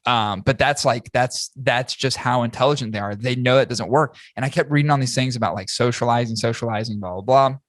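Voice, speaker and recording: A man's voice: mid-range voice, a little fast, few pauses, no echo, clean studio sound. A man hosting a casual podcast chat, swearing freely and telling stories with lots of energy. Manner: profane, animated storytelling. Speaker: podcast host.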